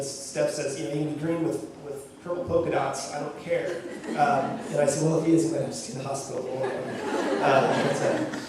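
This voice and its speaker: A man sharing the story of adopting his son to an audience, animated and laughing as he acts out what people said. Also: a little high. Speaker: adoptive father sharing testimony. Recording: echoey room from far off with noise.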